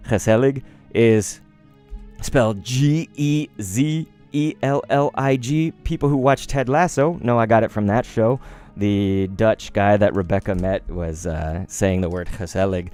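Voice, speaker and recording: A man in his thirties chats casually on a live stream while opening cards. His mid-range voice rambles between stories and breaks into excited outbursts.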